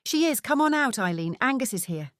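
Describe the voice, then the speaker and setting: A man's voice: very high-pitched, very animated, a little fast, fairly bright tone, dry recording, studio quality, pitched above the performer's own voice, heavily acted. A woman voicing a jovial Scottish father in his seventies, talking in a hearty, cheerful way. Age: 70s.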